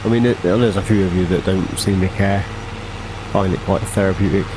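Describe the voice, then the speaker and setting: Male gamer, casual rambling commentary, lowish voice, faint background noise. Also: fairly even intonation, brisk. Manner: chatty, rambling, self-correcting. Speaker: gaming channel host. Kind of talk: casual farming game commentary.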